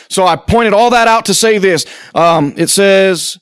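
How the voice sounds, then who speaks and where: A man's voice: sits high, unhurried, few pauses, a bit bright, no echo, studio quality. A man preaching a sermon to a congregation in a conversational way, with sarcastic asides and acted-out quotes. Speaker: pastor.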